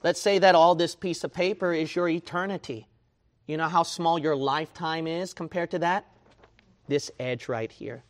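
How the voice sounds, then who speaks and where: Male preacher, fiery sermon delivery, big swings between whispers and shouts, higher voice than most men. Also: steady tone, moderate pace. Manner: swings from hushed to shouting, mocks excuses in whiny voice.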